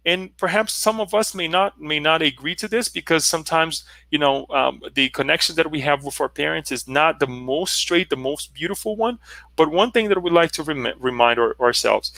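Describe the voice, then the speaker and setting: A man's voice: a little high, creaky, bright, forceful tone, no room sound. A man leading a spiritual book study, reflecting aloud and asking rhetorical questions. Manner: reflective, asks rhetorical questions, often adds "right?". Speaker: study group leader.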